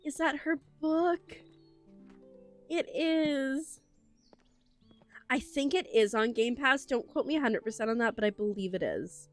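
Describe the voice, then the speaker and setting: A young woman streams a game, chatting casually with viewers in a gushing, emotional way full of fillers, close to a desk microphone. Her high voice is expressive, a little slow, and she pauses often. Soft music plays in the background.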